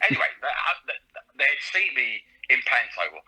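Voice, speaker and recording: A man's voice: mid-range voice, big pitch swings, normal speed, bright, forceful tone, husky, low-quality recording. A middle-aged man with a lisp, a comedian and radio presenter telling stories in a casual interview, laughing as he goes. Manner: chatty, laughing storyteller, British slang.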